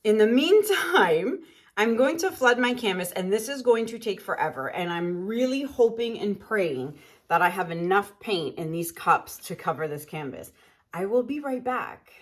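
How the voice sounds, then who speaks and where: A woman's voice: mid-range voice, sing-song, moderate pace. Chatty woman painting and thinking aloud. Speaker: acrylic pour artist. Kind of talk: casual talk while painting.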